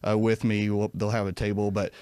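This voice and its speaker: A man's voice: on the low side, flat delivery, fairly quick, dark tone, smooth, dry recording, clean studio sound. A man talking as a podcast guest in casual chat, rambling with many fillers and restarts. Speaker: podcast guest, event company president.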